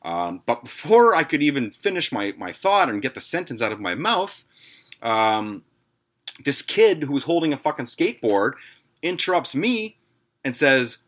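A man's voice: mid-range voice, very animated, moderate pace, fairly bright tone. A man hosting a casual podcast, telling stories in a profane, sarcastic, self-mocking way. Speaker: podcast host.

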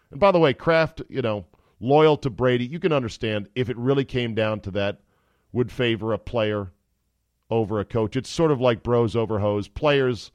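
A man's voice: fairly low pitch, darkish tone, no echo. A middle-aged man hosting a sports podcast, delivering an opinionated, jokey monologue. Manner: opinionated, jokey, acts out quotes.

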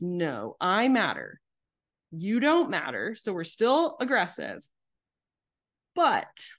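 A woman psychotherapist giving a casual teaching talk to camera, chatting conversationally and briefly acting out the voices she quotes. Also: mid-range voice.

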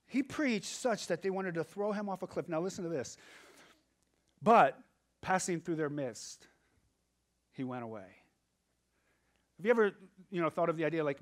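A male pastor preaching a sermon, moving from quiet asides to loud emphatic passages and acting out quoted voices. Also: fairly high pitch, animated, moderate pace, pauses often.

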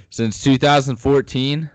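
A man's voice: mid-range voice, dry recording. A young man co-hosting a casual sports podcast, upbeat and joking. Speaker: podcast co-host.

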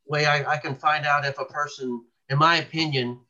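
A man's voice: fairly high pitch, fairly even intonation, normal speed, bright, forceful tone, highs cut off. A man being interviewed as a researcher, telling long stories in a rambling way, with many restarts and fillers. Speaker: cryptid researcher guest. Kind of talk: casual interview talk.

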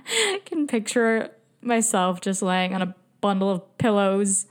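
A woman's voice: medium pitch, expressive, a little slow. Woman, podcast host, chatty travel storytelling, frequent laughs, "like" fillers, self-mocking. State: migraine, speech slipping. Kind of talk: casual storytelling monologue.

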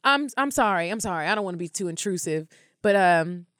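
Woman imitating a jittery young man, stammering, repeating words, a bit higher than her usual voice, dry close sound. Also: expressive, fairly quick, a bit bright, no room sound. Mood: nervous.

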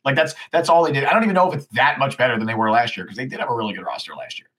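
A man's voice: medium pitch, racing, a bit bright, breathy edge. A man co-hosting a casual sports podcast who rants heatedly and often restarts his sentences. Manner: heated ranting with frequent restarts. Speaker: podcast co-host.

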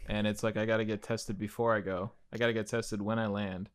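A man with a lowish voice speaks fast in a casual chat. He stays quiet and rambles through his point, a bit back from the others. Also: little pitch movement, clean tone.

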